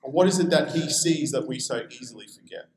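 A man's voice: medium pitch, lively intonation, brisk, roomy sound, rough recording. A man with an Australian accent preaching a sermon in a conversational way, acting out quoted voices as he goes. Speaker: pastor.

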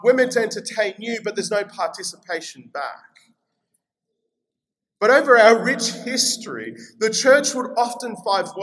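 A man with an Australian accent preaching a sermon in a chatty, energetic way, reading scripture aloud. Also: sits high, rough recording. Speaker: pastor.

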